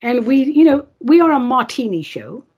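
Husky woman host ranting sarcastically. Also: high-pitched, very animated, moderate pace, lo-fi sound. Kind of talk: opinionated commentary show.

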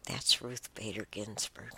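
A woman's voice: extremely low pitch, steady tone, creaky, bright, forceful tone, slightly rough. A woman reading posts aloud and commenting casually, emotional and exclamatory, sighing and stumbling over her laptop. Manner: emotional, exclaims and sighs, reads aloud haltingly.

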